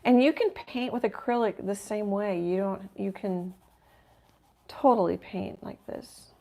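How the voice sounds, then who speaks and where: A middle-aged woman hosting a live painting stream, thinking aloud as she works and often dropping to a soft murmur. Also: medium pitch, measured pace, gravelly. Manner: self-deprecating, thinking aloud while working, drops to soft murmurs. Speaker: painting livestream host. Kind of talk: casual live painting chat.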